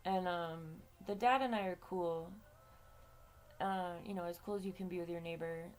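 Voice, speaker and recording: A woman hosting her own vlog tells a personal story in a lowish, fairly even voice at normal speed, with a little hiss or hum in the audio. She's chatty and rambling, swearing freely and using many fillers.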